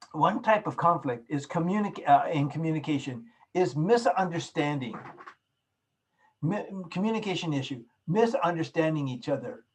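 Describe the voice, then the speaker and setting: Teaching a class over a video call, a course instructor speaks in a slightly husky voice pitched a bit high for a man. He explains things patiently, using everyday examples to drive each point home, and the low-quality audio has the flat sound of a call microphone.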